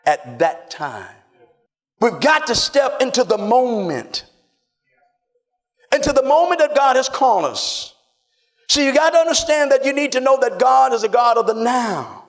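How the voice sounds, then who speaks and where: A man preaching a sermon, emphatic and repetitive, often shouting and calling on the congregation to respond. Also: extremely high pitch.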